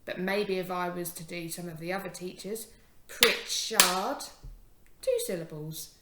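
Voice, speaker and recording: A young woman teacher giving a phonics lesson to young children, encouraging and sounding out words slowly. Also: fairly low pitch, steady tone, echoey room, heavy background noise.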